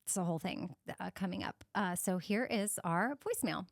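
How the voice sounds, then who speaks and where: Animated Texas woman telling stories. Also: lowish voice, normal speed, creaky, dry recording, clean studio sound. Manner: animated storyteller, laughs often. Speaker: podcast co-host. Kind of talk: casual chat.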